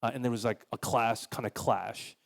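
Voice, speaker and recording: Man preaching a sermon, mid-pitched voice, loose conversational delivery, lots of filler words, animated when quoting people. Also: moderate pace, gravelly. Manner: casual, conversational, heavy use of "like" fillers. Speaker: pastor.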